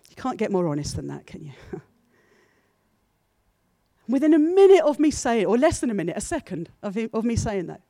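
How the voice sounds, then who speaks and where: A woman's voice: a little high, very animated, fairly quick, long pauses, no echo, clean studio sound. A woman preaching a sermon to her church in an earnest, personal way. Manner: earnest, builds from soft confessional to emphatic.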